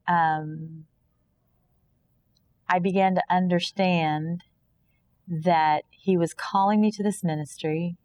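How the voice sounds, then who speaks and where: Guest, female, from Kansas: fairly low voice, earnest and preachy testimony, slips into quoted dialogue. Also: fairly even intonation, takes it slowly, long pauses, a little mellow. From Kansas, USA. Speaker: podcast guest. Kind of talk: personal faith testimony in conversation.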